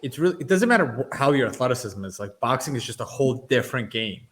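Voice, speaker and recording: A man hosting a sports card podcast, chatting casually and thinking out loud. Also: medium pitch, big pitch swings, fast talker. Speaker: podcast host. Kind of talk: casual chat.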